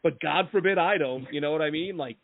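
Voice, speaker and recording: A man's voice: on the high side, brisk, gravelly. A man hosting a casual sports podcast, telling long rambling stories with lots of restarts and asides. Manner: rambling, animated storytelling with many restarts. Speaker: podcast host. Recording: tinny phone-line sound, dry.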